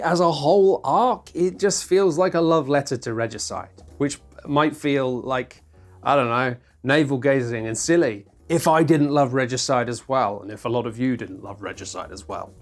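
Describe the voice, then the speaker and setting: A board game reviewer talking to camera in a chatty, self-mocking way, acting out players' lines in mock voices. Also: medium pitch.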